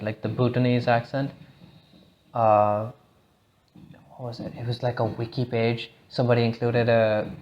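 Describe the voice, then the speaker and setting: A man talks alone on a podcast, thinking out loud. He drifts from thought to thought, cursing freely and stumbling into restarts as he goes. The tone is a loose, unscripted chat. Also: medium pitch, highs cut off. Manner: rambling, profane, restarts often. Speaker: podcast host. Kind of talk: casual solo podcast monologue. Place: lives in India.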